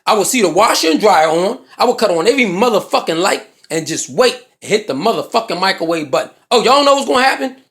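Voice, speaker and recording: A man's voice: high voice, very animated, fast, few pauses, a bit bright. A man with a Philadelphia accent telling a comedic story, profane and full of slang, acting out both sides of an argument.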